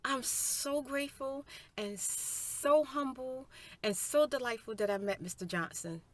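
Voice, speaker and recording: A middle-aged woman in a soft-spoken personal storytime, heartfelt and spiritual, talking to viewers as "you guys" and "y'all" on a close mic indoors. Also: high voice, unhurried, no echo. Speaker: ASMR storyteller. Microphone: close mic for eating sounds.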